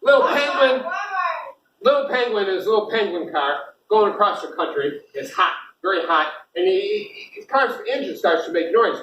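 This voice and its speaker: A man's voice: high voice, normal speed, noisy background. Profane middle-aged man telling stage jokes. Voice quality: animated, profane, laughing through punchlines. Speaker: singer-songwriter performing live. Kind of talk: live stage storytelling and jokes. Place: small bar venue. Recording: roomy live bar recording from a distance.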